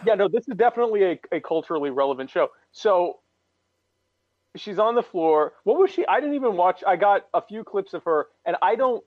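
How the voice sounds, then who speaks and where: A man co-hosting a casual political podcast, talking in a mocking way and pushing his voice high for effect. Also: expressive, a little fast, dry recording, highs cut off. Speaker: co-host.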